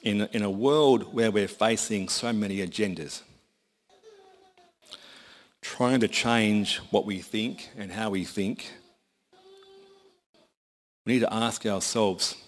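A man's voice: fairly low pitch, slow, pauses often. A man preaching a sermon in a conversational, folksy storytelling manner.

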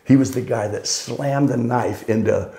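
With a medium-pitched, dark-toned voice, vocal fry and a measured pace, an older storyteller guest rambles through wry anecdotes in casual conversation. He frequently corrects himself mid-sentence, and there's a roomy echo.

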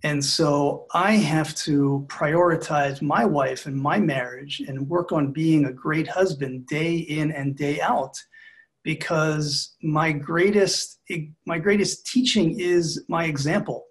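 A middle-aged man speaking as a marriage expert guest in a podcast interview, calm, measured and reflective in his delivery. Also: on the high side.

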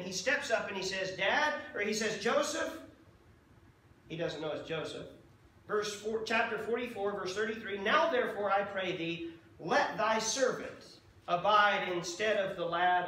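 A man with a high, bright voice preaches a conversational sermon and keeps checking in with his listeners. He is recorded from a distance in a very echoey church, with faint room noise behind him. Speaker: pastor. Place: church sanctuary.

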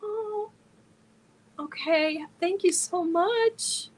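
A middle-aged German woman with a very high voice draws out her words while hosting a casual stream. She voices her viewers' chat messages and replies to each warmly.

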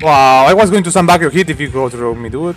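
A young man giving excited co-op gameplay commentary, swearing and breaking into sudden shouts. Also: a little high, fast talker, faint music behind. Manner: loud, swearing, bursts into shouts. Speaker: gaming streamer.

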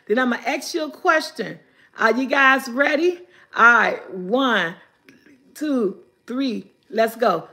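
A woman's voice: a little high, expressive, unhurried, sharp tone. An older woman hosting a casual live vlog, chatting with viewers, reading their comments aloud and laughing often. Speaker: vlogger.

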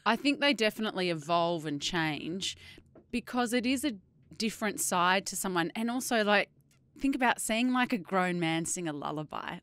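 A woman's voice: mid-range voice, animated, moderate pace, fairly bright tone, dry recording. An Australian woman in her thirties co-hosting a podcast, telling stories with lots of giggles. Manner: giggly storyteller. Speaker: podcast co-host. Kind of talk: casual chat.

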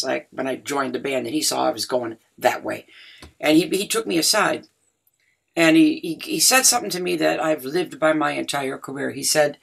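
Gravelly-voiced older woman. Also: deep voice. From Detroit, USA. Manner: chatty storyteller, laughs often. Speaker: guest musician. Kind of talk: casual interview chat.

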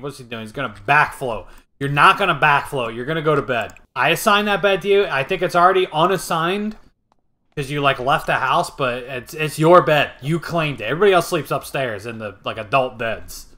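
A young man casually commentating a life-sim game he is playing, swearing freely and getting excitable. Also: fairly high pitch, a little fast. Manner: profane, excitable, jokey. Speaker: gaming video host.

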